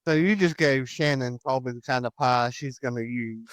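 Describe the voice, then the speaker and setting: Chatty joking podcast host, smooth voice. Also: male voice, mid-range voice, moderate pace, no room sound, studio quality. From United States. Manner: jokey and chatty, laughs often. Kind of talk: casual chat.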